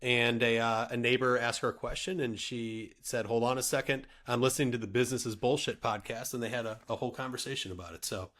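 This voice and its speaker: Man, forties, podcast co-host; average pitch, chatty and eager. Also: steady tone, quick pace, few pauses. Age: 40s. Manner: chatty, eager listener shout-out. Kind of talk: casual podcast chat.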